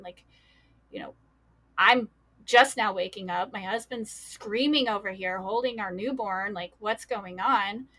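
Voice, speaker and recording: A woman's voice: medium pitch, sharp tone. A woman guest recounting a painful personal loss in a casual, filler-heavy way. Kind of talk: personal storytelling.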